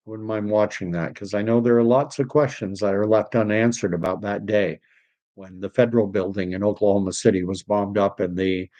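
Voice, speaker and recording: A man's voice: fairly low pitch, steady tone, fairly quick, dark tone. A man from Canada hosting a casual livestream, reading viewer comments aloud and rambling between topics, dropping in French phrases as he goes. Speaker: livestream host reading chat.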